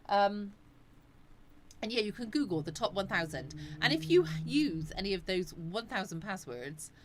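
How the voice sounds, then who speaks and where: A woman's voice: lowish voice, slight background noise. A woman hosting a casual live chat, rambling and answering viewers' comments. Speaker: live stream host.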